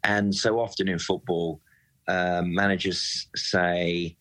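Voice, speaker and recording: Casting: man, very low voice, impassioned fan who builds his points and repeats himself when fired up. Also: fairly even intonation, slow, fairly bright tone, rough recording. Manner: passionate, emphatic, repeats words when worked up. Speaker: football club supporter guest. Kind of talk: conversational podcast interview.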